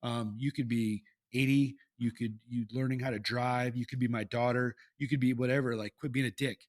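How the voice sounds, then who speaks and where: A man's voice: medium pitch, flat delivery, normal speed, a little mellow. A man hosting a solo podcast, talking casually and candidly with plenty of swearing and restarts. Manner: candid, profane, rambling with restarts. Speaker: podcast host. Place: Iowa.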